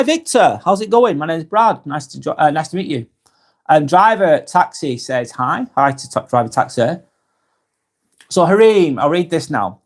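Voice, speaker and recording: A man in his forties with a Lancashire accent, hosting a casual live vlog and reading viewer comments aloud, chatty and friendly, often restarting and correcting himself. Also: fairly high pitch. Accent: Lancashire English. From England. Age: 40s.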